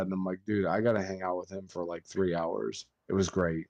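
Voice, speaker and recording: A man's voice: deep voice, little pitch movement, quick pace, a little mellow, dry recording. A man who works as a funeral director, chatting on a podcast and swearing freely as he tells stories. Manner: swears a lot while telling stories. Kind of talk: casual podcast chat.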